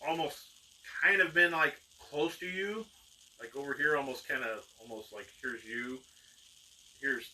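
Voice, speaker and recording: A man with a bright, forceful, medium-pitched voice narrates unhurriedly as game master, rambling with lots of fillers and breaking into acted outbursts. He's recorded on a distant mic with faint noise.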